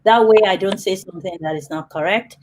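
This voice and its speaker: A woman's voice: mid-range voice, a little fast, background noise. A woman hosting a live online panel over a video call, chatty and upbeat. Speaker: host.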